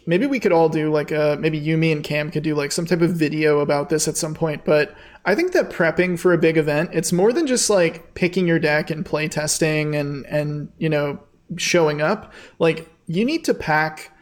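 A man's voice: a little high, normal speed, few pauses. A man hosting a podcast, talking in a hesitant way with many fillers. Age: adult, getting older. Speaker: podcast host. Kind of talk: casual podcast chat.

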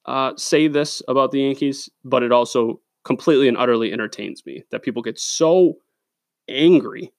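Gravelly, blunt, profane sports-podcast man. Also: medium pitch, normal speed, no echo, clean studio sound. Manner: blunt, profane, opinionated, with many fillers. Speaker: podcast host. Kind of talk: solo sports podcast rant. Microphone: studio microphone.

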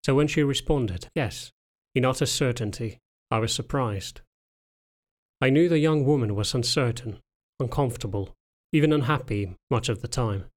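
Man, audiobook narrator, calm, measured, first-person novel reading, mid-range voice. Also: medium pitch.

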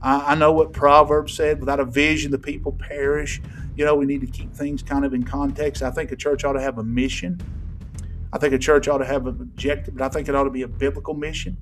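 A man pastor preaching a sermon in a church sanctuary, folksy and emphatic, swinging between loud and hushed. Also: mid-range voice, flat delivery, fairly quick, soft background music.

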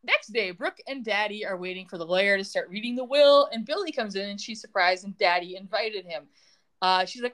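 A woman hosting a podcast casually recaps a TV episode, tossing in sarcastic asides, quips and laughs as she retells the scenes. Her mid-range voice is brisk and a bit bright.

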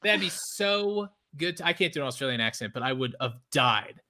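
A man's voice: mid-range voice, expressive, fairly quick, pushed and bright. A man in casual book club chat, enthusiastic and giggly, stumbling over words. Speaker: book club podcast member.

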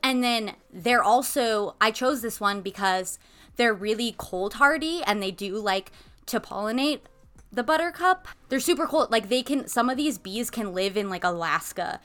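A woman's voice: fairly high pitch, animated, moderate pace, fairly bright tone. A young woman co-hosting a casual podcast, rambling with lots of "like"s and breaking into giggles. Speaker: podcast co-host. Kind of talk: casual chat.

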